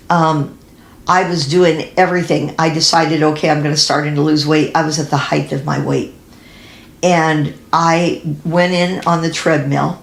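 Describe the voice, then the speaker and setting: Middle-aged woman, faith-based fitness teacher, earnest and confiding, hesitant ums, slight fry, echoey room. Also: low voice. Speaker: Christian women's fitness teacher. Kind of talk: personal faith-based health talk.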